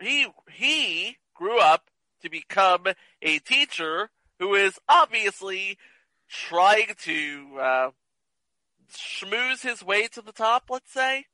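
A man joking casually through a movie commentary with quick asides. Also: high-pitched, big pitch swings, bright, forceful tone, dry recording, poor audio. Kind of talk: casual commentary over a film.

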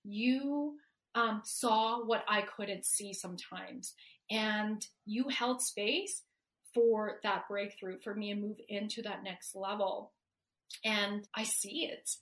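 A woman in her forties, a healer and coach, talking casually in an interview, animated and laughing often as she acts out quoted dialogue. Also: mid-range voice, slow. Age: 40s.

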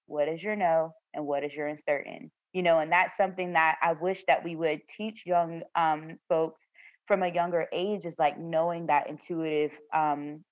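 A woman's voice: deep voice, steady tone, moderate pace, no room sound. A woman guest telling about an experience in an earnest, affirming way. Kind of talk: conversational storytelling. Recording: dry, slightly dull sound.

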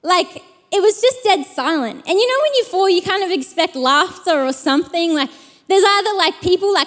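A young adult woman preaching a sermon, reading scripture and telling a personal story in a lively, chatty way with many fillers. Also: extremely high pitch, moderate pace. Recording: long hall reverb.

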